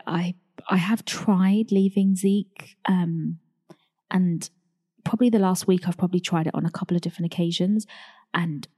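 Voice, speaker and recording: A woman's voice: on the low side, warm tone, slightly rough, long reverb tail. A young woman hosting a casual solo podcast, chatty and confiding, calling her listeners darlings. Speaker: podcast host.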